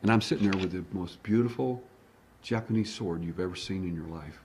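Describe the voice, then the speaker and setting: A man who investigates alien abduction cases, telling a story in an animated way and acting out the dialogue. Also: low-pitched, a little fast, slight background noise. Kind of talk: storytelling monologue.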